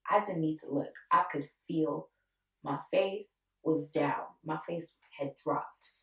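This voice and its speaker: A woman in her twenties tells a personal story in an emotional, animated way, acting out the voices of others. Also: low voice, takes it slowly. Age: 20s. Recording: echoey room, voice from a distance.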